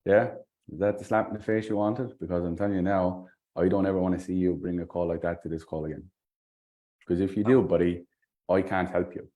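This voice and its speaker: A man's voice: low voice, steady tone, fairly quick, narrow, tinny audio. A man working as a sales coach, giving a blunt, scolding critique and swearing often.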